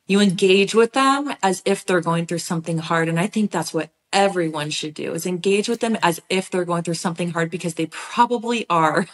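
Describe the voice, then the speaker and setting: A woman as a podcast guest, telling a personal story in an animated, heartfelt way, sometimes speeding up in quick bursts. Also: lowish voice.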